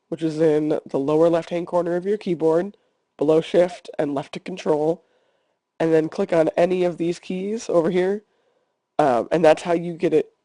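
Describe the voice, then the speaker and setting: Man teaching a calm screencast tutorial. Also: a little high, dry recording. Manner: calm step-by-step instruction. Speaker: Spanish teacher.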